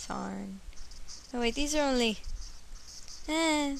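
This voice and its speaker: A woman's voice: on the high side, extremely slow, gravelly, pauses often, soft background music. A young woman giving casual, bubbly let's-play commentary from home, giggling and chatting to her cat. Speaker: let's player.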